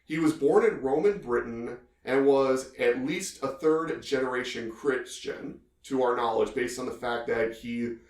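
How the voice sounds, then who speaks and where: A man's voice: medium pitch, unhurried, few pauses, darkish tone, roomy sound. A man co-hosting a podcast, telling stories in a rambling, casual way full of filler phrases. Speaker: podcast co-host.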